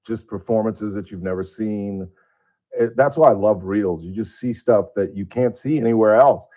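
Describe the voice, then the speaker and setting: A middle-aged man with a low voice hosts a radio show, talking loosely and wandering from story to story. He speaks close to a studio microphone in an easy, conversational way. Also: normal speed, mellow. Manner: rambling storyteller, imitates voices in anecdotes. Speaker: radio host. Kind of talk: casual radio chat.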